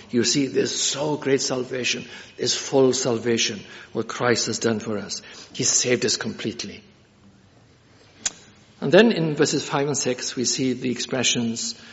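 A man's voice: mid-range voice, gravelly. A man preaching an expository sermon, earnest, repeating key phrases for emphasis, with frequent filler hesitations. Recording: dull sound with long reverb in a hall.

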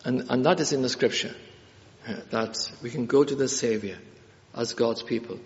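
A man's voice: medium pitch, normal speed, a little mellow. A man preaches an earnest expository sermon, returning to key phrases again and again. He hesitates often with filler sounds between points. The recording is dull and lo-fi, with long reverb from a church hall.

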